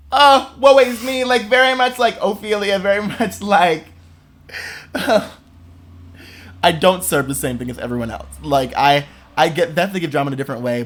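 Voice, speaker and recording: A young man hosting a podcast in casual chat, expressive and dramatic, laughing often. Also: mid-range voice. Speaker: podcast host.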